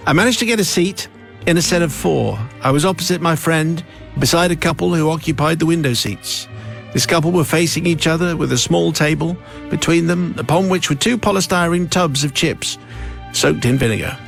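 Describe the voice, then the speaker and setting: A man's voice: on the high side, fairly quick, gravelly, a bit bright, faint music behind. A man hosting a radio show, reading a listener's letter aloud in a playful, amused, theatrical way. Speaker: radio host. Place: radio studio.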